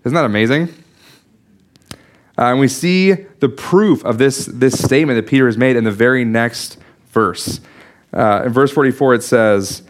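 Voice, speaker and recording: A man's voice: mid-range voice, moderate pace. A man preaching a sermon, explaining a Bible passage in an earnest teaching manner with frequent restarts and small asides. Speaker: pastor.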